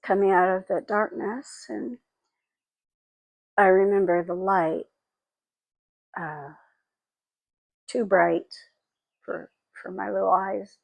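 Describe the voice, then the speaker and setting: A woman in her sixties telling personal memories in a halting, reflective, tearful way. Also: mid-range voice, steady tone, creaky, dry recording, dull audio. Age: 60s. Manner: halting and reflective, with frequent pauses and fillers; tearful and emotional. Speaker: spiritual vlogger. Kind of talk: personal memoir monologue.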